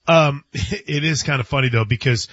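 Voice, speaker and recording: A man's voice: mid-range voice, moderate pace, fairly bright tone, slightly rough, dry recording, lo-fi sound. A man hosting a sports radio show, chatting casually and often restarting his sentences. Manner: chatty, stumbles and restarts, laughs.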